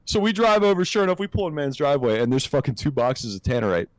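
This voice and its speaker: A man co-hosting a podcast, telling a profane, animated anecdote in a casual chat. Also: fairly high pitch, fast talker, no room sound. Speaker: podcast co-host.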